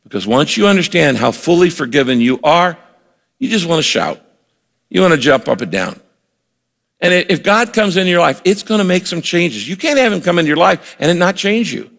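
An older male pastor preaches with an earnest, emphatic delivery, acting out the lines he quotes. His voice is fairly high for a man and gravelly. It rings out with a long reverb from a large church hall. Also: expressive, a little fast, a bit bright. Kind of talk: sermon.

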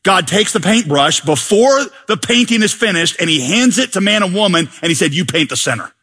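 Bright-toned male preacher, high voice, playful sermon delivery with acted-out voices. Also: a little fast, husky. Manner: animated, joking, acts out voices. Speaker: pastor.

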